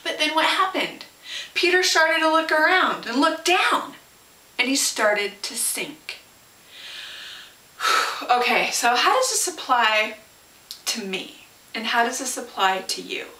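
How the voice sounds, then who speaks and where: A woman's voice: high-pitched, expressive, slow pace, pauses often, bright, forceful tone. A woman giving a casual Bible lesson in a chatty way, full of asides and rhetorical questions. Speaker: Bible teacher. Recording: roomy, from a distance.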